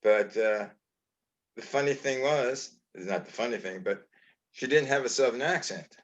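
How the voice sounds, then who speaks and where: An older man from New York with a Brooklyn accent, hosting a casual chat and telling stories in a rambling, halting way with many restarts. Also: medium pitch, fairly bright tone, lo-fi sound. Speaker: host.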